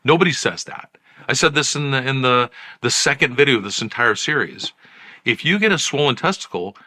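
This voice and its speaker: A middle-aged psychiatrist and channel host talking straight to the camera, conversational and emphatic, full of rhetorical questions. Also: male voice, mid-range voice, animated, a little fast, pushed and bright. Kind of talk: direct-to-camera commentary.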